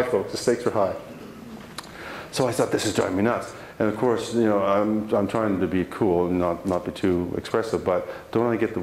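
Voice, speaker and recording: A man with a fairly low voice gives a motivational talk to a live audience. He tells his story with lively energy, acts out the bits he quotes, and often restarts his sentences. The sound is roomy, with a faint hiss behind it. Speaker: motivational speaker. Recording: roomy hall sound, faint background noise.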